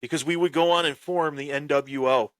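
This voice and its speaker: A man hosting a wrestling podcast and telling a story with boastful heel bravado. He breaks into sudden loud bursts and often repeats and restarts his phrases. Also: fairly high pitch, fairly even intonation, a little fast, dry recording. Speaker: podcast host.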